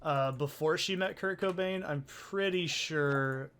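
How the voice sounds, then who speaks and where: A man's voice: on the high side, slow, fairly bright tone, clean tone. A man casually commenting while he plays a video game, rambling from topic to topic and swearing freely. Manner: rambling, profane, chatty. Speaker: let's play host.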